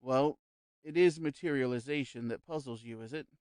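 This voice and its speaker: Man reading a smooth, calm spirit medium. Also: mid-range voice, no room sound, lightly acted. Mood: persuasive. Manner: slow, smooth, quiet, reassuring. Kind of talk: audiobook character reading.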